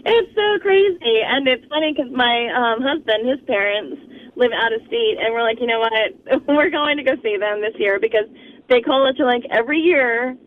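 A woman in her forties calling in to a radio show, chatting warmly and laughing often. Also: a little high, normal speed. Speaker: caller. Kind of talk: casual phone-in chat. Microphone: phone. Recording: tinny phone line with faint noise.

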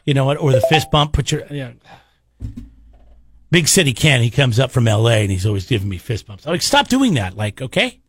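A man with a medium-pitched voice speaks a little fast as co-host of a morning radio show, heard through a studio microphone with slight background noise. He banters casually and animatedly, breaking into comic put-on voices.

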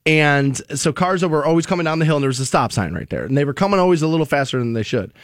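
A man with a high voice, talking casually as a podcast co-host. He jokes a lot and keeps "you know" coming as he rambles. His voice is close and dry, with no room sound. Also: animated, fast talker, dry recording. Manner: joking, chatty, many fillers like "you know". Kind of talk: casual chat.

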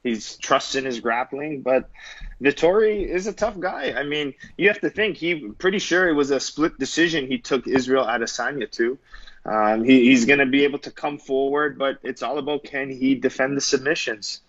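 A man co-hosting a casual mixed martial arts chat, speaking in a relaxed, loose way with some hesitation. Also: mid-range voice, moderate pace, dull audio. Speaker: co-host and commentator.

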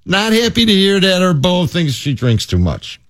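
Chicago-accented male co-host, lively and jokey, close dry mic. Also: high voice, moderate pace, dry recording. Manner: animated, laughing, puts on voices for quoted people. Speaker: podcast co-host. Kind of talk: casual news banter.

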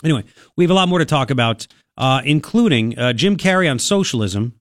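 A man hosting a talk radio show in a studio, delivering an opinionated monologue in a sarcastic, mocking, animated way. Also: mid-range voice, brisk, dry recording. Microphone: studio microphone.

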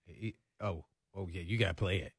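Rambling sports talk host, dry studio sound. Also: male voice, deep voice, brisk, creaky, breathy edge, no echo. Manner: rambling, lots of "you know", laughs easily. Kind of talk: casual sports talk chat.

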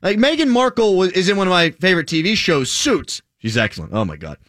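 An American man hosts a casual chat in a high, very lively voice. His tone is bright and forceful, and he argues in an animated, opinionated way. The recording is dry and close. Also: quick pace, no room sound. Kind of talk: casual talk-show chat.

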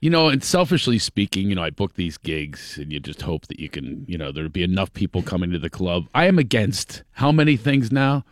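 A man's voice: deep voice, big pitch swings, brisk, few pauses, dry recording. Middle aged guy cracking jokes on a talk show, voice jumps around a lot, dry close mic. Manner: joking, storytelling, laughs often. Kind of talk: casual chat.

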